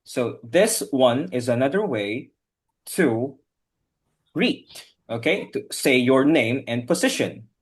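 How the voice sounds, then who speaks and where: Slow, patient male teacher on a video call. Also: medium pitch, expressive, husky. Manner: slow, patient, repeats "okay" often. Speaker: English teacher. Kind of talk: online class teaching.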